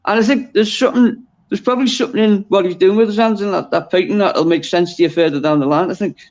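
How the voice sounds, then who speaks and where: Scouse man, high voice, rambling casual chat, video call, dull lo-fi sound. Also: fast talker, darkish tone. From Liverpool, England. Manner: rambling, self-interrupting, chuckling. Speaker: guest. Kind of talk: casual chat on a live stream.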